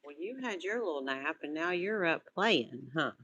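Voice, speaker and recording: A woman's voice: deep voice, moderate pace, lo-fi sound. A woman talking casually to a litter of puppies and soothing them, with puppies scuffling behind her. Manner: soothing, coaxing puppies to calm down. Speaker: puppy breeder filming her litter. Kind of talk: casual talk to puppies and viewers. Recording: noisy room with puppy sounds. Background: puppies yapping and scuffling.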